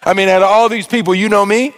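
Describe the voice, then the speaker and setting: A preacher voicing a lonely, surprised little tax collector who talks in disbelieving, colloquial questions. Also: male voice, sits high, steady tone, fast talker, big-room sound, close to an everyday voice. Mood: incredulous.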